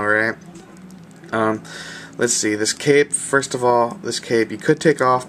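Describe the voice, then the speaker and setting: A man's voice: on the low side, a bit bright, slight background noise. A man giving a casual video review of a toy, talking in an enthusiastic, slangy, rambling way.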